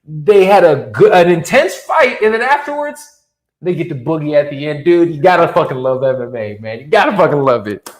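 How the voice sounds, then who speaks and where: Animated, profane man in an echoey room. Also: a little high, fairly quick. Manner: animated, profane, laughs a lot. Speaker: podcast co-host. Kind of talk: casual fight recap chat. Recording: roomy echo.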